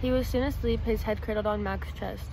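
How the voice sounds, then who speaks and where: A woman's voice: mid-range voice, fairly even intonation, fairly quick, background noise. A woman reading a children's storybook aloud in a casual way, with small slips. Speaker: student reader.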